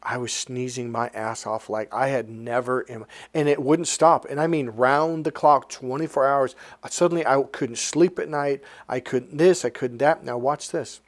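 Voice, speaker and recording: A man's voice: mid-range voice, fairly even intonation, normal speed, few pauses, dry recording. Rambling, blunt-talking man, dry sound. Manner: rambling, blunt, swears casually. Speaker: life coach. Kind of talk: casual storytelling monologue.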